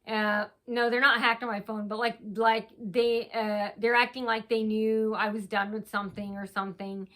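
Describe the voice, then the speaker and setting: A woman's voice: fairly high pitch, flat delivery, fairly bright tone. A woman vlogger telling a long story in a rambling, casual way, with restarts and acted-out quotes. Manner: talks fast, with many restarts and acted quotes.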